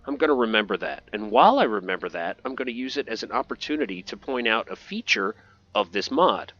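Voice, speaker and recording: A chatty man narrating his gameplay in a playful, jokey manner, with a forceful, bright-edged voice that sits a little low. The recording is dull and lo-fi, with game music playing faintly behind him. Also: lively intonation, brisk. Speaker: gameplay commentator. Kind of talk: casual gameplay commentary.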